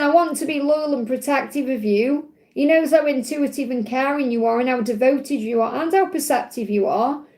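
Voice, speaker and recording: A woman with a high voice gives a live card reading to her viewers. She talks in a chatty, rambling way and calls them sweet names as she goes. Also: a little mellow. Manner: chatty and affectionate, addresses viewers with endearments; rambling, with frequent fillers and asides. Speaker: tarot card reader.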